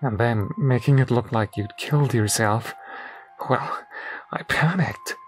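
A man's voice: mid-range voice, measured pace, faint music behind, natural voice. A man voicing a remorseful, grieving man who pleads desperately, his voice breaking. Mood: desperate pleading.

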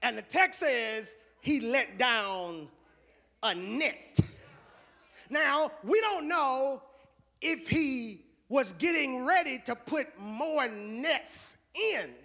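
A man preaching a sermon as pastor, moving from low conversational asides to loud shouted call-and-response. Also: animated, very slow.

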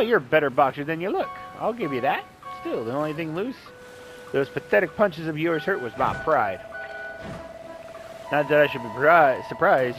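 A man's voice: mid-range voice, close to an everyday voice, poor audio. A man voicing a cocky, mocking male skeleton sailor in a put-on Southern accent over game music. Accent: put-on American Southern. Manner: taunting, brash, cackling laugh.

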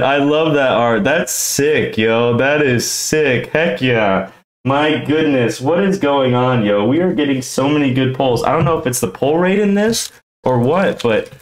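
A young man hosting a casual card-opening vlog, slangy and excitable, tossing "yo" into his talk. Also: medium pitch, roomy sound, rough recording. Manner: excitable, slangy, says "yo" a lot. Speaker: YouTube card-opening host.

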